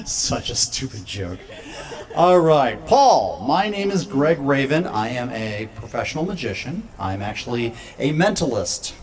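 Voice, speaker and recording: A man's voice: mid-range voice, sing-song, unhurried. A man performing as a mentalist, joking with the crowd in showman patter. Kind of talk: stage patter. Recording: faint background ambience.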